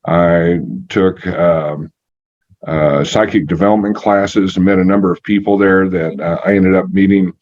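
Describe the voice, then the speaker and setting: Man in his sixties, very low voice, halting with fillers, matter-of-fact, muffled lo-fi audio. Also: steady tone, darkish tone. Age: 60s. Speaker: energy healer guest. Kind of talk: storytelling in an interview.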